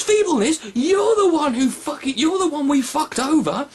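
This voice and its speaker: A young man, a video blogger, delivering a sarcastic, profane rant with animated outbursts. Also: very high voice, brisk.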